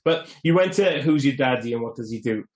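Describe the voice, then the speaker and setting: A man's voice: medium pitch, animated, brisk, a little mellow. A man co-hosting a film podcast, telling anecdotes and wandering off on tangents. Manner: anecdotal, goes off on tangents, laughs between remarks. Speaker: podcast co-host. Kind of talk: casual film chat.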